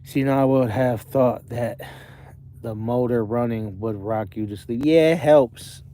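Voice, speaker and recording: A young man livestreams from the cab of his parked truck, reading out viewer comments in a mid-range, warm voice at an unhurried pace. He rambles casually and chattily, correcting himself as he goes.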